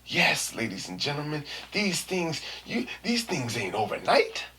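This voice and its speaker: A man's voice: a little high, a little slow, music in the background. A man hosting his own podcast, telling a story in a casual, slangy way and acting out the quotes. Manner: animated, slangy, acts out quotes and screams. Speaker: podcast host.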